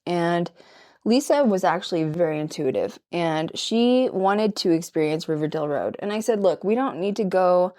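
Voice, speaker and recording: A woman's voice: lowish voice, moderate pace, mellow. Chatty woman telling ghost stories. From Colorado. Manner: chatty, emphatic, many "like" and "okay?" asides. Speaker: paranormal vlogger. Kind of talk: casual storytelling while doing makeup.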